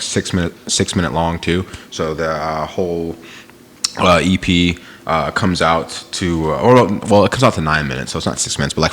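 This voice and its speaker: A man's voice: deep voice, fairly bright tone. A man hosting a podcast, chatting casually about new music in a laid-back, rambling way with plenty of slang and filler. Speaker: podcast host.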